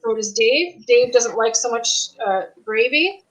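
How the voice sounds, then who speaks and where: A Canadian woman, appearing as a guest cook, makes a dish on a casual video call, sounding relaxed, apologetic and giggly. Her voice is a little high and animated, her pace a little slow. The sound is lo-fi, from a laptop mic with faint background noise.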